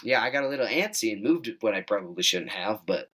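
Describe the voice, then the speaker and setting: Teen male guest, lowish voice, animated storyteller who jumps up in pitch for quoted lines. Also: fast, poor audio. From Wyoming. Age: teens. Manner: animated, acts out quoted dialogue in higher voice. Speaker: guest hunter. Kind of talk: casual storytelling.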